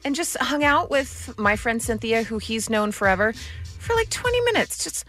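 A woman hosting a casual entertainment talk show, telling stories in a bubbly, animated way. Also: on the high side, normal speed. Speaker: host. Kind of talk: casual chat.

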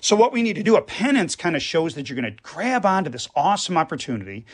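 A man's voice: on the high side, sing-song, fast. A man, a priest, talking earnestly on a radio show and explaining with everyday examples. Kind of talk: radio conversation.

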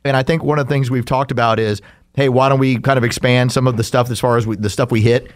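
A man's voice: medium pitch, fairly even intonation, fast. A man co-hosting a podcast, telling stories in a loose, rambling way and laughing often. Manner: laughing storyteller, rambling restarts. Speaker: podcast co-host. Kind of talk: casual chat.

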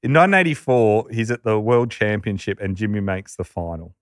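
A man's voice: fairly low pitch, animated, a little fast, no echo, clean studio sound. An Australian man telling a rowdy anecdote in casual chat, laughing often and acting out the voices of the people in it. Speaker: podcast storyteller.

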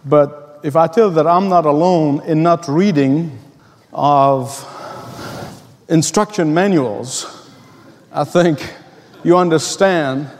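A man's voice: a little high, slow, pauses often, a little mellow. Emphatic man preaching in a reverberant space. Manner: earnest, emphatic, storytelling with rhetorical questions. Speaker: pastor. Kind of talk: sermon.

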